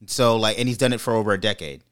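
A man hosting a casual podcast, giving his opinions in a measured way and slowing down to stress his points. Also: lowish voice, fairly bright tone, smooth. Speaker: podcast host. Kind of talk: casual chat, opinion commentary.

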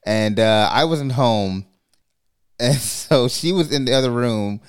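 A man's voice: mid-range voice, takes it slowly, smooth. A man co-hosting a podcast, chatting casually and telling a story with laughs and acted-out quotes. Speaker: podcast co-host. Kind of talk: casual chat.

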